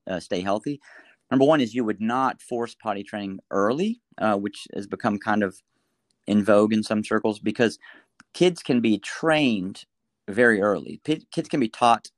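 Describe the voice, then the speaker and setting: A middle-aged man, a doctor talking through a story and advice in a casual interview, animated, with frequent restarts. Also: fairly low pitch, no echo. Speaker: pediatric doctor guest.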